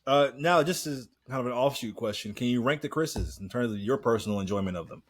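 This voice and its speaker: A man co-hosting a podcast in casual chat, relaxed, leading the questions and laughing easily. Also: medium pitch, fast, no echo. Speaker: podcast co-host.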